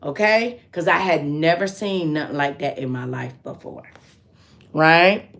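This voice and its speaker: A woman hosting a casual livestream, telling a story in a loose, animated way and answering her viewers with endearments like sweetheart and baby. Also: low voice. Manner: loose, drawn-out delivery with restarts. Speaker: livestream host.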